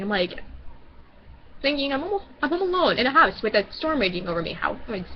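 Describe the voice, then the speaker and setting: A woman's voice: fairly high pitch, lively intonation, fast, lo-fi sound, a little hiss or hum. A woman vlogger from Michigan telling a personal story casually, rambling and often restarting her sentences.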